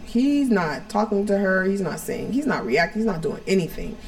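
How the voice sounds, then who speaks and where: A woman's voice: mid-range voice, very animated, moderate pace. A woman co-hosting a podcast from home, telling a personal story in a frank, rambling way full of "like" and "you know". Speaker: podcast co-host.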